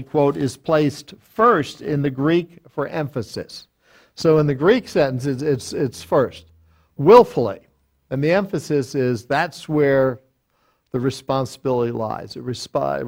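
An older male pastor leads a Bible study in a steady, mid-pitched voice. He reads quotations out slowly and stops to restart his phrases, with plenty of "uh" and "um" between points. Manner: deliberate, quotes lexicons aloud, frequent fillers and restarts.

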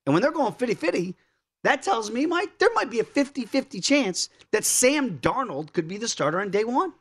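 Animated male sports radio host. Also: normal speed. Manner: animated, acts out quotes in high mock voices. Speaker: sports betting show host. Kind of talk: casual sports radio banter.

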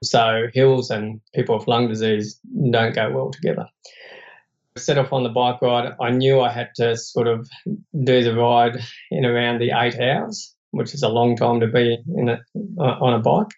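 A man's voice: mid-range voice, fairly even intonation, normal speed, darkish tone, highs cut off. An Australian man, a podcast guest, telling a personal story in an earnest, reflective, plain-spoken way.

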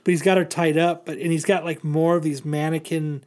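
Podcast co-host, male, loose filler-heavy storytelling, a bit high. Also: level tone, a little fast, a little mellow. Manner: rambling, filler-heavy retelling. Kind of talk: casual comic book recap.

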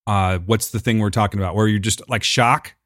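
A man's voice: fairly low pitch, fairly even intonation, a little fast, a bit bright, dry recording, clean studio sound. A man co-hosting a podcast in casual chat, enthusiastic and emphatic, laughing easily. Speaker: podcast co-host.

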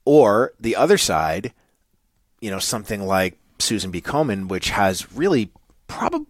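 A very low-voiced man with a New England accent talks through a podcast conversation. He is earnest and meandering, full of fillers and restarts. The sound is close and dry. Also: sing-song, a little slow, no room sound. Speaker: podcast co-host.

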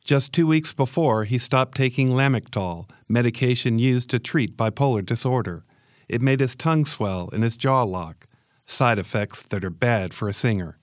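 A man giving measured scripted documentary narration. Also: mid-range voice, no room sound, clean studio sound.

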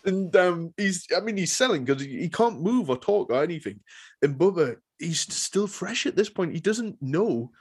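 Man, fairly high voice, casual wrestling chat, animated storyteller, swears a lot. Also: moderate pace, husky. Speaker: podcast co-host.

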